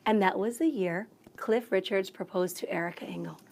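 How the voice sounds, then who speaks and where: A woman, a radio emcee, telling a story as a guest in a bubbly, excitable way, acting out the voices of the people in it. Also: medium pitch, moderate pace. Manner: bubbly, excitable, acts out quotes. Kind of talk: animated storytelling in conversation.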